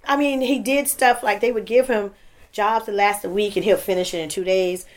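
A middle-aged woman recalling grief in an interview, halting and repeating words. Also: medium pitch, fairly even intonation. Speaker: interviewee, victim's mother. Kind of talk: recounting interview.

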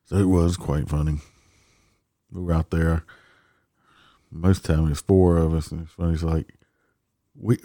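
Low-voiced, profane cop ranting. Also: male voice, mellow, dry recording, clean studio sound. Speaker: traffic police officer. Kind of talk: casual storytelling monologue.

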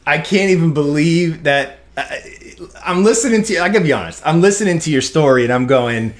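Excited guy co-hosting a podcast, keeps going are you kidding me energy, casual chat. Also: a little high, a little fast. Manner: excitable, exclaiming, laughing. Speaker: podcast co-host.

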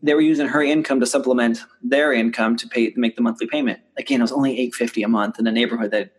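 A man, a real estate investor, telling deal stories in a casual interview, restarting sentences and acting out quoted dialogue in a lively way. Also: fast. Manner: animated, acts out quoted dialogue with rising pitch; many restarts and repeated words.

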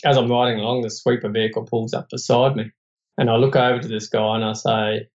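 A man's voice: medium pitch, little pitch movement, fast talker, dull audio. An Australian man, a podcast guest, telling a personal story in an earnest, reflective, plain-spoken way.

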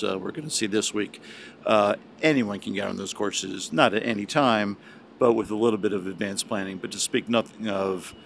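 Guy with a low gravelly voice, rambly podcast guest, lots of uhs, a bit of hiss behind. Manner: relaxed, rambling, many fillers and restarts. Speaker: podcast guest, golf writer. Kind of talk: casual chat.

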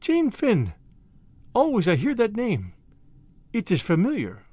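A man voicing a young French maid who speaks soft, broken English with a French accent, timid and hesitant. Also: high voice, wildly swooping pitch, measured pace, slightly rough, no room sound, pitched above the performer's own voice, heavily acted. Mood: puzzled. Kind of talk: audiobook character voice.

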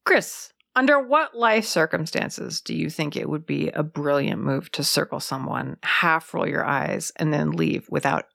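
Animated woman chatting on a podcast. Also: deep voice, a little slow, creaky, hardly any pauses, no echo, studio quality. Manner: animated, swears freely, acts out quotes. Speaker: podcast co-host. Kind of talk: casual chat.

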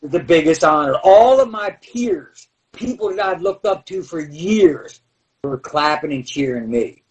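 A middle-aged man, a former pro wrestler, telling animated backstage stories in an interview. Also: a little high, a little slow, recorded from a distance, rough recording. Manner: animated, acts out voices and shouts. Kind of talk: storytelling in a podcast interview.

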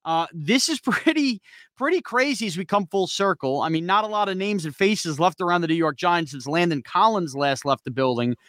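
Chatty high-voiced male podcast host. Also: lively intonation, a bit bright, no room sound, studio quality. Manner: quick, chatty, frequent "uh" fillers. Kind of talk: casual sports podcast chat.

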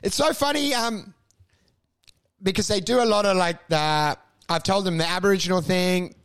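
A man's voice: sits high, moderate pace, clear, resonant tone. A middle-aged man, a comedian co-hosting a podcast, chatting casually and animatedly, often laughing. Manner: animated, laughing, mimics others in quotes.

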